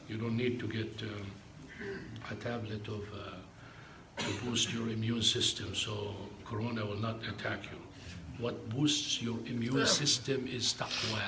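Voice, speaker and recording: A man's voice: mid-range voice, fairly bright tone, a little hiss or hum. A man, an imam, preaching a sermon in an emphatic storytelling way, dropping in Arabic phrases.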